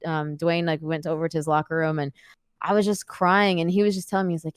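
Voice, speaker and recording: A woman in her thirties, a podcast guest, tells a story with a lot of energy, laughing easily and filling pauses with "like" and "um." Her voice sits fairly low for a woman, and the recording is dry and close. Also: dry recording. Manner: animated, laughing often, many fillers. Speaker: podcast guest, wrestler and actor. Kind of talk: casual storytelling interview.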